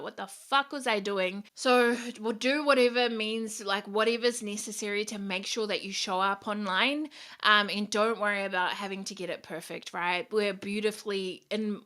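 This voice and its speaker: Bright-voiced woman, blunt and swearing. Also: mid-range voice. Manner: blunt, frequent swearing, upbeat and direct. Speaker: podcast host. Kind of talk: casual motivational podcast talk.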